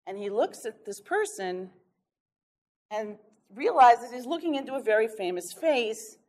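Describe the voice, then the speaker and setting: Woman presenter, a touch high-pitched, spins an anecdote in a lively way to illustrate her talk. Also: a little slow. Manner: lively anecdotal storytelling with chuckles. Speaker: workshop speaker. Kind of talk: storytelling lecture.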